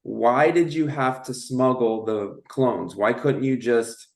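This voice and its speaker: A man hosting a podcast, asking questions in a relaxed, slangy way. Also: mid-range voice, slow pace, reverberant. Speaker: podcast host. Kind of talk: casual interview.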